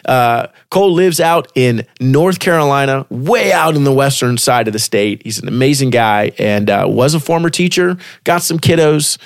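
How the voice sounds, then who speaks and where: A man's voice: mid-range voice, lively intonation, moderate pace, few pauses, no echo, clean studio sound. A man hosting a Christian podcast, reading an essay aloud and then chatting loosely with a guest, stumbling and restarting often. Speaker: podcast host. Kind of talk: casual faith podcast chat.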